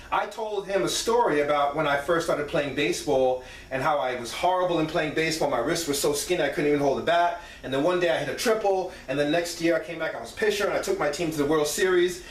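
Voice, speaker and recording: A man hosting a show, telling stories from his career in a casual, animated way and acting out what others said, with a frequent "right?". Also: on the high side. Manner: animated, acts out quoted voices, frequent "right?". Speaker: podcast host. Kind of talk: casual storytelling monologue. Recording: roomy echo, distant from mic.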